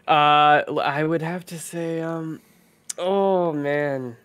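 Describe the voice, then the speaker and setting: A man's voice: on the high side, fairly even intonation, takes it slowly, fairly bright tone, smooth, no echo. A man in his twenties, a guest on a casual livestream chat, speaking hesitantly with many fillers. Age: 20s.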